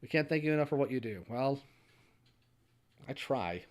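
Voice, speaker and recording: A young man hosts a livestream, reading viewers' donation messages one after another. His voice sits in an ordinary middle range, and he answers each message with a quick, dry one-liner. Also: medium pitch, lively intonation. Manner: reads messages aloud, answers with short dry quips. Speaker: streamer host.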